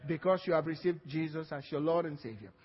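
A man's voice: a little high, fast, slightly rough. A man with a Nigerian accent preaching a sermon, emphatic and calling for amens from the congregation. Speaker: pastor. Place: church hall. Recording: dull lo-fi sound with long hall reverb.

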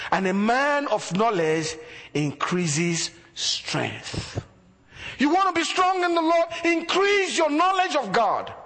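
A man's voice: extremely high pitch, fairly bright tone, in a large hall. A man preaching a sermon as a pastor, building emphasis through repeated phrases.

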